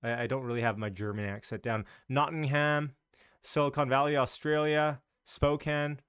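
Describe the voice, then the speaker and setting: Chatting loosely on a casual market live stream, he greets viewers while his sentences restart and wander. The voice sits at a medium pitch with fairly even intonation, a normal speed, and a bright, clear, resonant tone. It's a dry, studio-quality recording.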